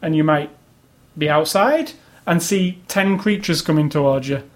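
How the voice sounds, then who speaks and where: A man's voice: on the high side, unhurried. A man casually chatting about video games as a podcast co-host, opinionated and rambling. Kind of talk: casual chat.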